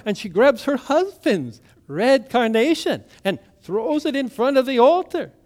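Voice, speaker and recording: A man preaching a sermon in a church, telling a story and shifting into loud, dramatic quoted lines. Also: sits high, big pitch swings, normal speed.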